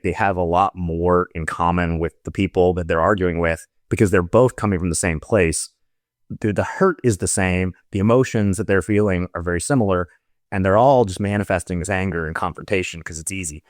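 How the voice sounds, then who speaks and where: A middle-aged man, a former soldier, talking in a relaxed, reflective way as a podcast guest, with many loose asides. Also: deep voice, fairly quick, no echo, studio quality. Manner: reflective, talks in loose run-on thoughts with many "like"s. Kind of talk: casual conversational interview.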